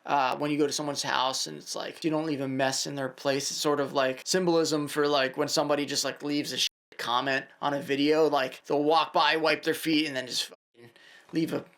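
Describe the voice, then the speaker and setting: A man's voice: a little high, level tone, fairly quick. A man producing a song at home, talking through his work in casual, muttering, self-critical asides. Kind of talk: casual talk while recording a song. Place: home studio. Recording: loud music underneath.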